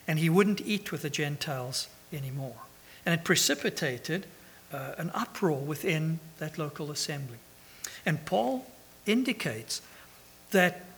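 A man preaching a sermon, animated and full of rhetorical questions, with frequent restarts. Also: high-pitched, husky.

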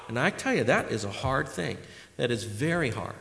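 A man preaching a sermon, telling stories and swinging from loud exhortation to quiet asides. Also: medium pitch, very animated, moderate pace, creaky. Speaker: pastor. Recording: reverberant hall.

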